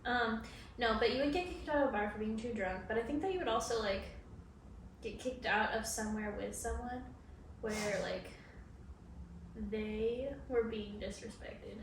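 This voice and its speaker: Young woman, podcast co-host, casual and sarcastic, lots of "like", high voice, echoey room, distant mic. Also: moderate pace, slight background noise. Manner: chatty, says "like" often, playfully sarcastic. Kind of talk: casual chat.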